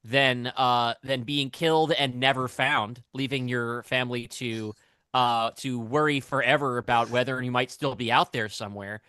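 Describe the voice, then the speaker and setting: Bright-voiced male player, rambling. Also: mid-range voice, steady tone, moderate pace, clear, resonant tone, dry recording, clean studio sound. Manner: rambling, hesitant. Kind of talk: casual tabletop play.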